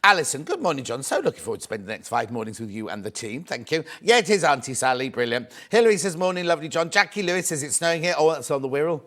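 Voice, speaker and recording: Male British shopping-channel host, chatty patter, a little higher than most men, occasional cough. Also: sing-song, fast, few pauses, a bit bright. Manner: chatty, reads out viewer messages, calls viewers "my love". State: coughing, mild throat trouble. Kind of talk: live TV selling, chatty.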